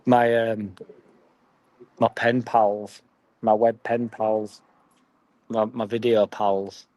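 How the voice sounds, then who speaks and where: A man's voice: fairly low pitch, level tone, drawn-out words, a little mellow, dry recording, low-quality recording. A young man with a Yorkshire accent chatting casually and swearing freely as he reads and answers his live stream chat. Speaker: football fan vlogger.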